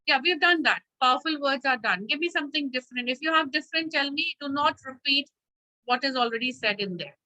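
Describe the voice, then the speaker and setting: A woman's voice: high-pitched, lively intonation, brisk, pushed and bright, rough recording. A woman teacher leading an online class, firm and instructive, often checking with "okay?", heard over a video call.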